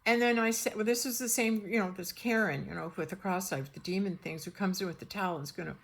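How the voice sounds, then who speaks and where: An older woman telling a personal story in a rambling, animated way, acting out the dialogue. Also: mid-range voice, fast talker, gravelly. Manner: rambling, animated, acts out dialogue in shifting voices.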